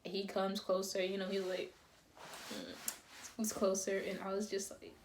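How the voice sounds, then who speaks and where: A young woman telling a casual storytime to camera, animated and dramatic, often breaking into laughter. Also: mid-range voice, moderate pace, slight background noise.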